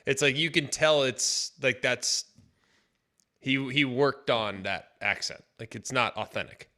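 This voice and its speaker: Male sports-radio co-host, bright, punchy tone, gushing and chatty. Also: medium pitch, a little slow. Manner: enthusiastic, filler-heavy. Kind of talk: casual morning radio chat. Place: radio studio.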